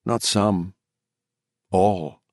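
A man narrating an audiobook in a measured, dramatic storytelling manner. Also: deep voice, dry recording, clean studio sound. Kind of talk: scripted narration.

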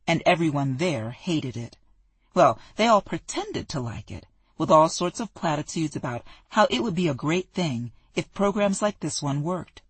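An audiobook narrator reading a romance novel in an even, storytelling delivery. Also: mid-range voice, slightly rough, dry recording. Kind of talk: scripted narration.

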